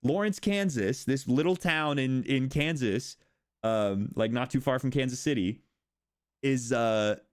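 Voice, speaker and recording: A young American man streaming casual chat, rambling and animated, swearing and laughing often as he talks. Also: medium pitch, a little slow, clear, resonant tone. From United States.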